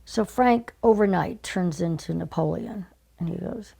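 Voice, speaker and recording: An older woman telling stories as an interview guest, animated and conversational. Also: lowish voice, unhurried, creaky, husky. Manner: animated, conversational, acts out remembered exchanges. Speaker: guest, former casting director. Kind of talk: storytelling in conversation.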